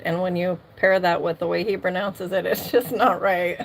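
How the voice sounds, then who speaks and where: A woman's voice: on the low side, a little slow, slight background noise. A middle-aged woman casually chatting on a livestream from her home, laughing often and greeting viewers by name. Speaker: livestream host. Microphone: streaming mic.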